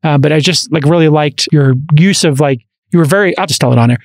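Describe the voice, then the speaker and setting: A man with a Brooklyn accent hosting a podcast interview, talking in an animated, rambling way full of fillers and restarts into a studio microphone. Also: a little high, quick pace, no room sound. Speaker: podcast host. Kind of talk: casual interview chat.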